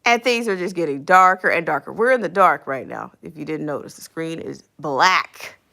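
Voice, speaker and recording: A woman's voice: deep voice, animated, moderate pace, vocal fry, pushed and bright. Chuckling woman in her fifties. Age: 50s. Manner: chuckles often, repeats phrases for emphasis. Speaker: livestream host reading viewer comments. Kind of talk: casual live-stream chat.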